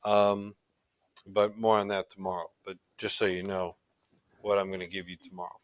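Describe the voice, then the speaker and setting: A man's voice: deep voice, little pitch movement, normal speed, no room sound. A middle-aged man teaching a recorded religion class in an earnest, conversational way, often restarting his sentences.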